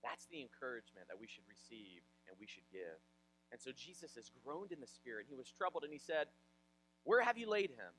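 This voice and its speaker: A male pastor from Ohio, preaching a sermon in an animated, conversational way with personal stories. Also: medium pitch, brisk, noisy background. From Ohio, USA.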